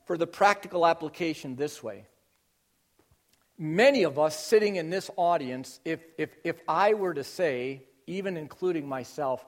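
High-voiced man preaching an emphatic sermon. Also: normal speed. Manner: emphatic teaching, shifting from loud stresses to quiet intensity. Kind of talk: expository sermon.

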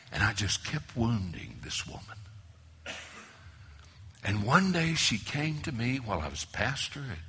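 A man preaching a sermon at a marriage conference, telling his story with animated delivery that swings from loud exclamations to low near-whispers. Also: a little hiss or hum.

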